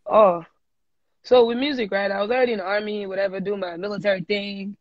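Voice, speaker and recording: A woman's voice: mid-range voice, brisk, dry recording. A young adult woman with a Nigerian accent, a singer, chatting casually in an interview and telling stories with bits of pidgin. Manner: lively storyteller mixing in pidgin. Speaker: singer guest. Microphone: phone on a live stream. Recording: dull lo-fi livestream audio.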